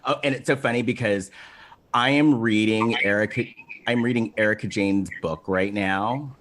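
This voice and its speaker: A man's voice: fairly low pitch, moderate pace, fairly bright tone, slight background noise. A man hosting a podcast, chatting casually and enthusiastically, laughing often and repeating himself. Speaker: podcast host. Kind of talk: casual chat.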